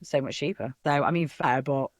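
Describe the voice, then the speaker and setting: A woman's voice: a bass voice, moderate pace, dry recording, clean studio sound. A young woman with a Hull accent, an actor guest chatting casually on a podcast and telling stories with animation. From Hull, England.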